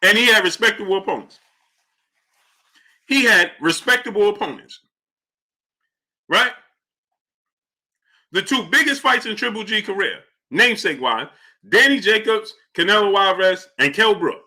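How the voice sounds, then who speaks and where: A man's voice: high-pitched, expressive, normal speed, long pauses, bright, forceful tone. A man hosting a live stream, talking casually and emphatically, repeating his points and greeting his viewers.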